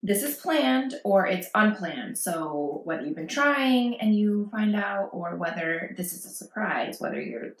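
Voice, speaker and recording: A woman's voice: mid-range voice, sing-song, measured pace, hardly any pauses. Chatty woman vlogger in an echoey room. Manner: chatty and reassuring, acting out worried quotes. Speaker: parenting vlogger. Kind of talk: casual advice talk to camera.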